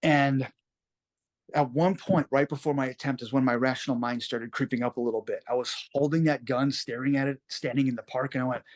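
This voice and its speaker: Male interview guest, mid pitch, earnest and reflective, plain-spoken storytelling. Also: fairly even intonation, brisk. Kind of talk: personal story told in an interview.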